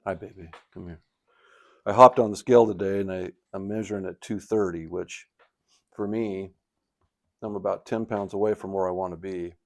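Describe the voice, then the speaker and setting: An older man in retirement telling a personal story on his video blog, reflective and halting with a touch of emotion, sitting by a fire at home. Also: low voice, fairly even intonation. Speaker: vlogger. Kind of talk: casual storytelling. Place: indoors by a fireplace at home.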